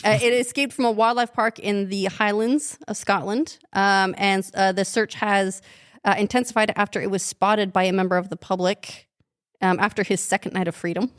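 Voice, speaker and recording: A woman's voice: mid-range voice, steady tone, normal speed. Chatty, giggly woman co-host. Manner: chatty, hesitant fillers, giggly. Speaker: podcast co-host. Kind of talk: casual chat.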